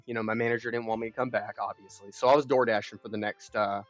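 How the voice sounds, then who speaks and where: Young male streamer, middle pitch, frank swearing storyteller, muffled dry mic. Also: quick pace, hardly any pauses, dry recording, soft background music. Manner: rambling, profane, frank. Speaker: live streamer. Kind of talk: casual storytelling chat. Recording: dull lo-fi stream audio.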